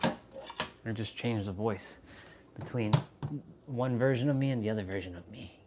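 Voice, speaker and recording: A goofy man chatting on a live stream over a phone, joking and laughing at himself. He talks slowly and takes his time between thoughts. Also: lowish voice, background noise. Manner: goofy, joking, self-mocking. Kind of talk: casual live-stream chat.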